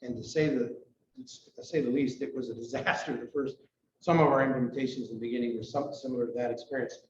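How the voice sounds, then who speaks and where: Fast, rambling man from Canada. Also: medium pitch, steady tone. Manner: rambling, hurried, self-deprecating. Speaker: club member giving a talk. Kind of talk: informal members' talk. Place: meeting room at a club breakfast. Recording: roomy, distant, dull recording with faint noise.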